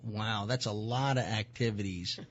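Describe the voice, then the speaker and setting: A man hosting a talk show, talking casually and halting often with fillers and restarts. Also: lowish voice, highs cut off.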